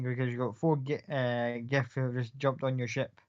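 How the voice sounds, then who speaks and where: A man's voice: mid-range voice, steady tone, normal speed, darkish tone, clear, resonant tone. Guy gm narrating the scene, rambly, lots of "kinda" and "like", muffled lo-fi mic. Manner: loose, rambling descriptions with many fillers. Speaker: game master. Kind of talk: narrating a tabletop game. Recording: dull lo-fi audio.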